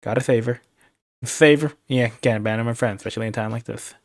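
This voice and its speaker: A man's voice: medium pitch, steady tone, fast talker, no echo. Streamer, male, narrates a text game casually and trips over words now and then. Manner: reads narration with casual asides and stumbles. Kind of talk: reading a text game aloud on a live stream.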